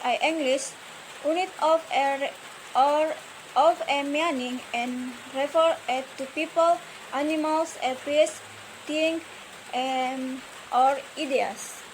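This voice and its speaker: A woman's voice: high voice, background noise. A young woman whose first language is Indonesian, presenting a student lesson on word stress, hesitant, with many fillers and careful repeated words. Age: young adult.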